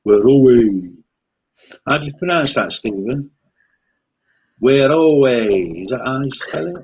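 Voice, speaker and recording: A man's voice: medium pitch, lively intonation, fast talker, gravelly, bright, forceful tone, slightly rough, dull audio. A man co-hosting a casual live chat stream, teasing and easygoing in his banter.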